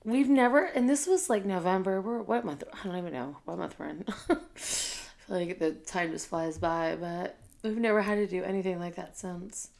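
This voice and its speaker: A woman's voice: lowish voice, moderate pace, vocal fry, a little mellow. A woman who works as a school teacher and leader, telling a personal story in a candid, heartfelt way with many fillers.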